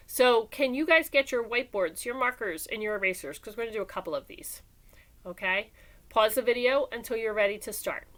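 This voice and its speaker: A woman teaching a recorded class lesson, animated and sing-song, calling on students by name in a classroom. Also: on the high side. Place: classroom with whiteboard.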